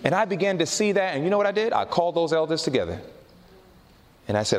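A man preaching to a congregation, his fairly high voice rising and falling in a lively, animated way. He tells stories with energy and slows down for emphasis. His voice rings out with a long hall reverb. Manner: animated storytelling, slowing down for emphasis. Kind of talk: sermon.

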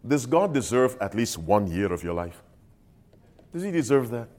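A man preaching a sermon in an emphatic call-and-response style, swinging between loud appeals and soft asides. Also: mid-range voice, big pitch swings, moderate pace.

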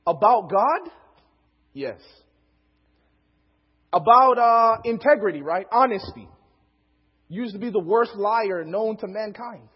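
Young male preacher, animated storyteller; muffled hall sound with long reverb. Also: sits high, unhurried, long pauses, slightly rough. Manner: animated storytelling, acts out quotes, laughs often. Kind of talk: storytelling sermon.

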